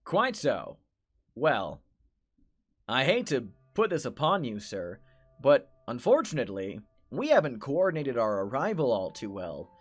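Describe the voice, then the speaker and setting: A man's voice: medium pitch, very animated, a little slow, faint music behind. Man doing a sinister, genteel bookseller creature. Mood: unctuous. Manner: courteous, formal, menacing. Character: sinister, overly polite male bookseller entity.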